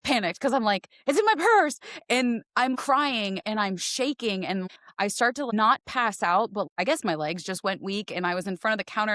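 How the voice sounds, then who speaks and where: A woman in her forties telling a personal story in a casual podcast chat, animated and acting out voices as she goes. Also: medium pitch, dry recording, clean studio sound. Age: 40s. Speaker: podcast guest, realtor.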